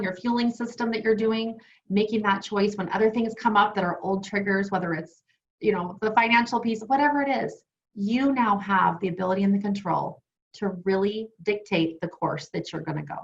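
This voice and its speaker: A woman's voice: mid-range voice, fairly quick. Enthusiastic woman on a muffled video call. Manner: enthusiastic, chatty, uses personal stories. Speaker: wellness program co-host. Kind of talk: online webinar teaching. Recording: dull lo-fi video call audio.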